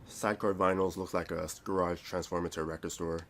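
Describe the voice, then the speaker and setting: A man's voice: sits low, flat delivery, fast talker, fairly bright tone, slight background noise. A man reading a visual novel aloud, rambling and stumbling over words with self-mocking asides. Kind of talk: reading a game aloud with commentary.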